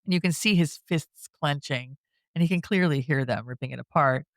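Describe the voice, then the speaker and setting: A man's voice: on the high side, a bit bright, no room sound, studio quality. A man co-hosting a podcast, casually recapping a film plot in a chatty way, laughing often and slipping briefly into the characters' lines. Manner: chatty, laughs often, drops into quick quoted voices. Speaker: podcast co-host.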